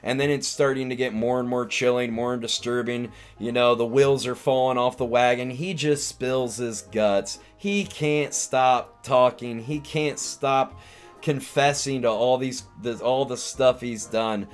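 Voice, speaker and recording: A man's voice: medium pitch, steady tone, moderate pace, hardly any pauses, clean tone, faint music behind. A man hosting a live stream, casually recapping a film in a rambling way with lots of restarts and filler words. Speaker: live-stream host, comedian.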